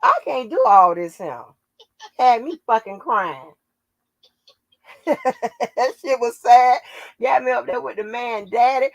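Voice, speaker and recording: Female channel host, gravel in the voice, loose, profane and laughing, dry close sound. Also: on the high side, animated, takes it slowly, long pauses, no room sound, highs cut off. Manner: salty, laughing, profane storytelling. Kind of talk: casual livestream chat.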